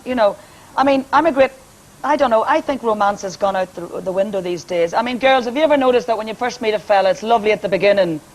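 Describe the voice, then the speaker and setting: A woman's voice: medium pitch, rough recording. Brassy Northern Irish woman with a powerful voice. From Northern Ireland. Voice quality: powerful speaking voice. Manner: brassy, joking, laughs often. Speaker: singer and entertainer guest. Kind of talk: chatty TV interview with jokes.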